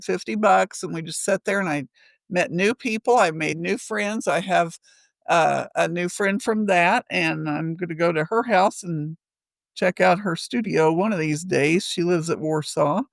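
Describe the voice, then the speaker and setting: Chatty, gravelly woman. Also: fairly low pitch, dry recording. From Missouri. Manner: chatty, rambling, laughs often. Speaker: podcast co-host. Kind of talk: casual storytelling chat.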